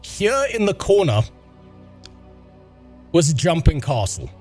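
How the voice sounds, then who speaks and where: A man's voice: fairly high pitch, very animated, takes it slowly, darkish tone, faint music behind. A man in his thirties with a South African accent, telling an exasperated, profane story to his stream chat. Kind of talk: casual ranting to stream chat.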